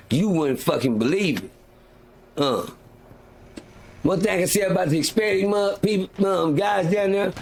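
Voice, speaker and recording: A man hosts a live stream, ranting casually in a heated, profane and rambling way, with frequent restarts and filler words. His voice is on the high side, with vocal fry and a breathy edge.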